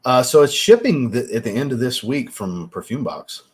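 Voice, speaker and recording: A man's voice: mid-range voice, sing-song, normal speed, breathy edge. A man hosting a casual livestream, chatting with viewers and thanking them, laid-back and swearing now and then. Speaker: livestream host, fragrance reviewer. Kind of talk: casual livestream chat reading super chats.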